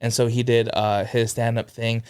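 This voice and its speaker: A man's voice: mid-range voice, flat delivery, normal speed, darkish tone, clean tone. Male podcast co-host, mid-range, rambling storyteller with fillers. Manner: storytelling with filler words, laughs often. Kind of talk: casual chat.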